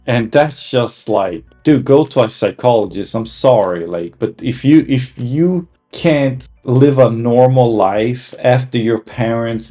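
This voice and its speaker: A man's voice: mid-range voice, warm tone. A man giving a casual, heated opinion monologue, rambling with many restarts and fillers. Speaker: commentator.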